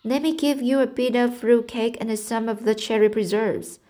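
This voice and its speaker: A woman's voice: on the high side, steady tone, normal speed, warm tone, lightly acted. A woman reading aloud voices an eager, chatty young girl who pleads with her guest in a storybook. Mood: pleading.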